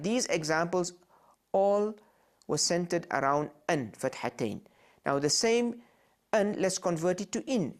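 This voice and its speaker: A man teaching Quran reading, sounding out each letter and syllable slowly and repeating them for learners. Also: fairly high pitch. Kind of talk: slow instructional recitation of letter sounds.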